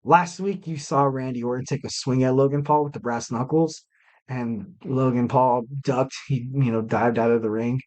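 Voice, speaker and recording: A man's voice: medium pitch, steady tone, moderate pace, a little mellow. A young man hosting a wrestling podcast alone, chatting loosely with lots of fillers and little self-mocking jokes. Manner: rambling, filler-heavy, self-joking. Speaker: podcast host. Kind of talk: casual solo podcast chat.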